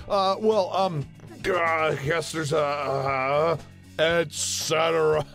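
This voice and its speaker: A young man casually riffing on memes in a jokey, animated way. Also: a little high. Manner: jokey, animated, slips into silly voices. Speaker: meme commentary host. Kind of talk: casual meme commentary.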